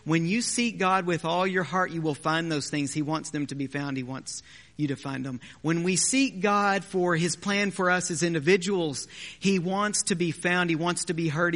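A man preaches in a church sanctuary, his voice pitched a little high for a man. He keeps it conversational and drops in joking asides between points. A long hall reverb trails behind each phrase. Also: fairly bright tone. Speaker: pastor. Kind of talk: sermon.

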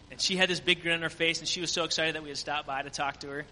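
Bright-voiced man telling a mission story. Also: a little high, long reverb tail, slight background noise, rough recording. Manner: earnest storytelling with frequent fillers. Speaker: mission trip team member. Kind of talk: church mission testimony.

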